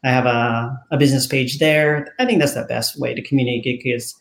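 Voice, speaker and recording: A man being interviewed about his work as an author spins a lively story, acting out the people in it through dialogue. His voice is medium in pitch and creaky, his pace brisk, and the audio reverberant.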